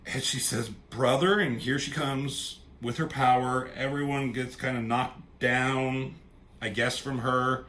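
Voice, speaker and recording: A man casually reviewing a comic book storyline, rambling and excited, with casual swearing. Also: medium pitch, unhurried, a little hiss or hum. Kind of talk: casual chat.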